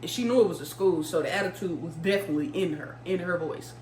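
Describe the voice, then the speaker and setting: A woman vlogger telling a story in a casual, animated way, swearing freely and talking straight to her viewers. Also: fairly low pitch, fast, echoey room, slight background noise.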